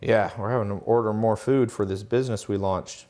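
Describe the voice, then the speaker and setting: A man with a lowish, warm voice and fairly even intonation talks fairly quickly as he hosts a casual live Q&A. He reads out questions from the chat, then answers them confidently and emphatically, lecturing and tossing in rhetorical questions.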